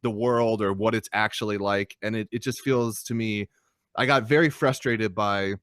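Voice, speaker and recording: A young adult man co-hosting a podcast, talking in casual chat with animated, profane ranting. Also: lowish voice, moderate pace, clear, resonant tone, no echo, studio quality. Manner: animated, swearing, ranting critique. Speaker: podcast co-host. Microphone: podcast microphone.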